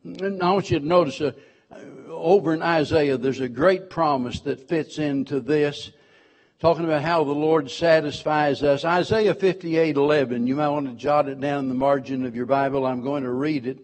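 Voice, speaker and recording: A man's voice: fairly high pitch, moderate pace, a little mellow. A man preaching a sermon, emphatic, repeating key words and quoting scripture in old-fashioned wording.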